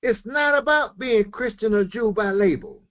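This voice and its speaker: A man giving a morning Quran commentary lesson, repeating phrases for emphasis with halting restarts. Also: high voice, highs cut off. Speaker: religious teacher.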